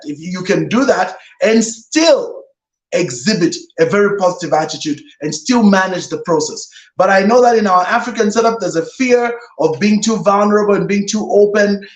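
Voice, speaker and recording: A reverend giving an emphatic motivational talk on leadership, often repeating "no, no, no" to dismiss ideas. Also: male voice, high voice. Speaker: guest speaker, reverend. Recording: roomy echo.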